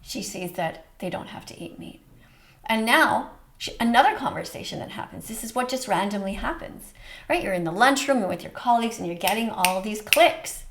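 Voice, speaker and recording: A woman's voice: mid-range voice, lively intonation, normal speed, slight background noise. A woman hosting a reaction video, speaking earnestly and emotionally, with a preachy tone. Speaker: host reacting to a short film. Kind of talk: reaction commentary.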